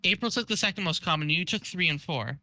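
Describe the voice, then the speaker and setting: A man's voice: high voice, animated, fast talker, sharp tone, no room sound. A man chatting playfully with friends while they read a comic together. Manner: playful, laughing, questioning. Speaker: streamer reading with friends. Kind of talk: casual chat.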